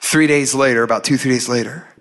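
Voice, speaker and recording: A man preaching a sermon and telling a personal story, acting out the voices in it with lively storytelling. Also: medium pitch, fast talker. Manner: animated storytelling, acts out his own and God's lines.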